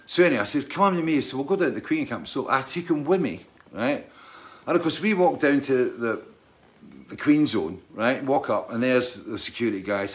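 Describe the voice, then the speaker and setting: A man tells a rambling backstage story at an ordinary pitch. He keeps tagging his sentences with "right?" and breaks into laughter as he goes. His voice sits in a middle register. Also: lively intonation, fairly quick. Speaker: touring musician telling a story. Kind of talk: casual anecdote telling.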